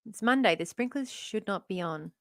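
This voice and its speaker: A woman's voice: medium pitch, lively intonation, moderate pace, dry recording, studio quality. A woman, live streaming in casual chat, losing her voice, chatty and self-mocking, swearing freely. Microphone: phone.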